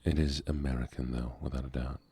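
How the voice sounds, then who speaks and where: Very deep, soft-spoken male streamer. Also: a little fast, breathy edge. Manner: soft-spoken, relaxed, chatting with viewers.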